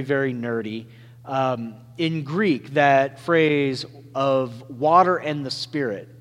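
Man preaching in a reverberant church. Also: a little high. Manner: conversational, joking asides and quick pace shifts. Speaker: pastor. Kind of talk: sermon.

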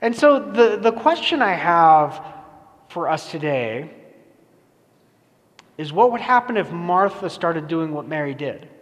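Pastor with a fairly high voice in a reverberant hall. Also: male voice, very animated, measured pace, pauses often, fairly bright tone. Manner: casual, self-deprecating, many fillers and restarts. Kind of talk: conversational sermon. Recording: long reverb of a large hall.

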